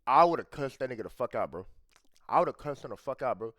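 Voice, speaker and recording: Very animated and brisk, this reaction-video host swears hotly, says "bro" after almost every phrase, and keeps repeating and restarting as he gets worked up. His medium-pitched, slightly bright voice is studio quality with no echo.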